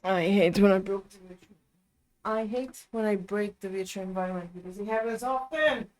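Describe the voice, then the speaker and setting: A woman's voice: medium pitch, moderate pace, darkish tone. A woman streaming live, muttering to herself while she works at the computer and chatting with her viewers. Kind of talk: casual live-stream chat while coding.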